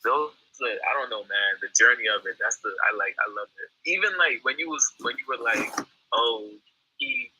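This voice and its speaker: Husky, bright-voiced man on a lo-fi call. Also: medium pitch, expressive, normal speed, no room sound. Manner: laid-back, slangy, easily amused. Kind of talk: casual chat.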